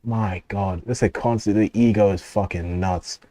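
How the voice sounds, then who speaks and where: A man's voice: fairly low pitch, fairly even intonation, moderate pace, warm tone. A man streaming and reacting to a video, rambling and swearing with frequent laughs. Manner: rambling, profane, laughs often.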